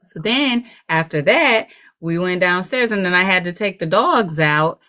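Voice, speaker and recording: Tired young woman on a video call stream, aave, lowish voice, just rambling on. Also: animated, unhurried, bright, forceful tone. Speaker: co-host. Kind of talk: casual livestream chat.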